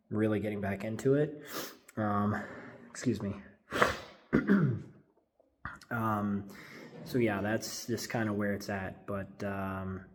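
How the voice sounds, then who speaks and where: A man's voice: on the low side, darkish tone. A man in his thirties casually talking through his car build in a home garage, rambling with lots of fillers.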